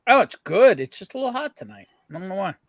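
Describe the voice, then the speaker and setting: A man's voice: high voice, big pitch swings, fast, a crowd in the background. A man on a casual whiskey stream, chatty and enthusiastic as he describes what he is drinking. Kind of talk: casual chat on a live stream.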